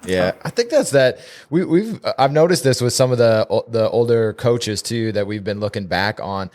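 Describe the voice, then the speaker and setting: A man co-hosting a casual podcast discussion, relaxed and enthusiastic. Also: medium pitch, normal speed.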